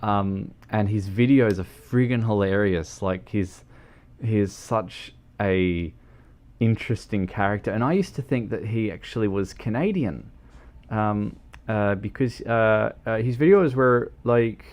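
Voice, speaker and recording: A man's voice: on the low side, a little slow, a little mellow. A man chatting casually on a gaming livestream, rambling and hesitant with lots of ums. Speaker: streamer.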